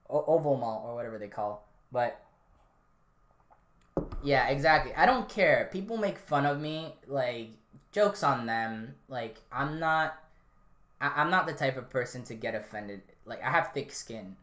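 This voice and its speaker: Woman, podcast host, rambling casual talk, deep voice, roomy echo. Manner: rambling, offhand, many fillers and restarts. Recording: roomy, echoey room.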